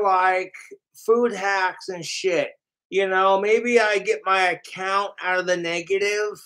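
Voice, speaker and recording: A man's voice: high voice, fairly bright tone, poor audio. A man livestreaming, ranting profanely and mockingly about his trolls and talking about himself in the third person. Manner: mimics his trolls in sneering voices.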